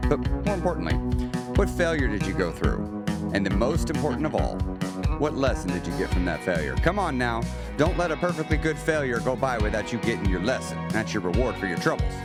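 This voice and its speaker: Lively-voiced male podcast host coaching listeners. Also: fairly high pitch. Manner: earnest, coaching, rhetorical questions. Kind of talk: motivational podcast monologue.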